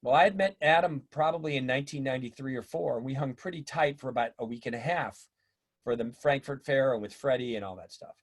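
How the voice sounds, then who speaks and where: A middle-aged man telling stories in a casual interview, animated and acting out the voices of people he quotes. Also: medium pitch, quick pace. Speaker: drummer and teacher, interview guest.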